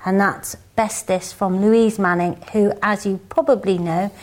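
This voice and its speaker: A woman hosting a podcast, reading listener mail in a brisk, teasing manner. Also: mid-range voice, fairly even intonation. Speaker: podcast host.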